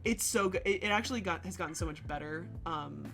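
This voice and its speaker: A woman co-hosting a podcast, talking in an animated, chatty way with many fillers. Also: on the low side, fast, vocal fry, soft background music. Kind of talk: casual chat.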